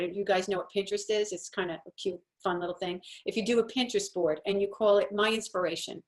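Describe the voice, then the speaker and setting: A woman home-organizing coach giving a chatty, encouraging talk while sharing her screen. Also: on the low side. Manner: chatty and encouraging, acts out little quoted voices.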